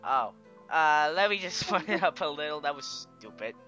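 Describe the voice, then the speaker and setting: Bright-voiced woman playing a game. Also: low voice, normal speed, dull audio. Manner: excitable, giggly, playful voices. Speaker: let's play gamer. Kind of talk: casual gameplay commentary. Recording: faint game music behind.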